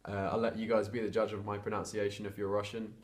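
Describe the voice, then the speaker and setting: A man's voice: fairly low pitch, level tone, quick pace. A young man from England talking casually to camera, chatty and hesitant with lots of fillers and restarts. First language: English. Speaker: vlogger.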